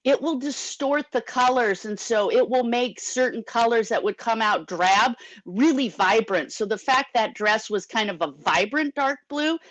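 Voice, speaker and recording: Woman, higher voice, opinionated chatter, dry close sound, video call. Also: measured pace, few pauses, fairly bright tone, no room sound, poor audio. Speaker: panelist. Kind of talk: casual commentary chat.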